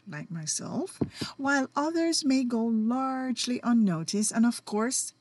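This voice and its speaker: A woman's voice: mid-range voice, a little mellow, no room sound. A middle-aged woman hosting a personal podcast, telling her own story in a feisty, emphatic way. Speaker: podcast host.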